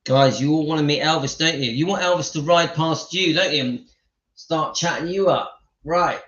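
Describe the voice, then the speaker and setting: A man's voice: a little high, moderate pace, a bit bright. A man reading a story aloud on a live stream, breaking off for chatty asides to his viewers. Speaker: channel host reading a book aloud. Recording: echoey dull-sounding room.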